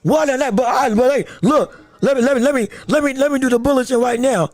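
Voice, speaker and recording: High-voiced, excitable man hosting fight commentary. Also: fast talker, no room sound. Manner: excitable, repeats himself, bursts into shouts; greets viewers from the live chat. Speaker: podcast host reacting to a boxing decision on a livestream. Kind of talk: live fight commentary and chat.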